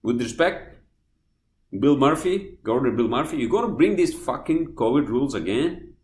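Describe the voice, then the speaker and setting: A man hosting a podcast, ranting angrily and swearing, swinging from loud outbursts to quiet apologies. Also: mid-range voice, expressive, normal speed, echoey room. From New Jersey, US. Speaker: podcast host. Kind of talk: heated podcast rant.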